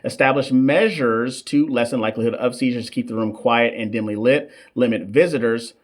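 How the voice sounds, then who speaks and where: A man, running a casual live-stream teaching session for nursing students and reading shout-outs from the chat. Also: mid-range voice, moderate pace. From United States. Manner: chatty, reads chat shout-outs, stumbles over long terms. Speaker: nurse coach hosting a live question session. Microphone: desk microphone.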